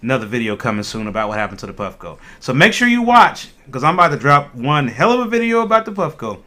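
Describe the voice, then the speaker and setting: A man's voice: medium pitch, fast. A man hosting a casual cannabis livestream, chatting animatedly with viewers and laughing often. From Ohio. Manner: animated, laughing, talks to chat.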